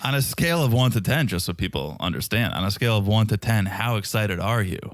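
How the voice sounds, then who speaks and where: A man's voice: lowish voice, expressive, fast, no echo, clean studio sound. A man co-hosting a casual podcast, joking and teasing with lots of laughter. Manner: jokey, teasing, laughs often. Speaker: podcast co-host.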